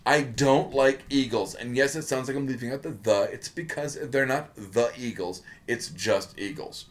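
A man's voice: mid-range voice, normal speed. A man co-hosting a podcast, ranting sarcastically in casual talk, getting worked up and swearing. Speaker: podcast co-host. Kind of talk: casual comedic rant.

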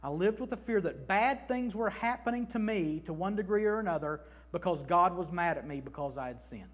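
A man in his thirties preaching an emphatic, animated sermon in a church, slipping into mock voices. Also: high-pitched, brisk. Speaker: pastor.

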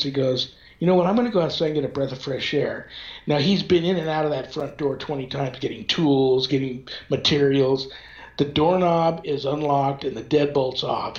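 Animated man telling a story over echoey lo-fi audio. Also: a little high. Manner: animated storyteller, acts out quoted dialogue. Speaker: paranormal investigator guest. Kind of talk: casual storytelling chat.

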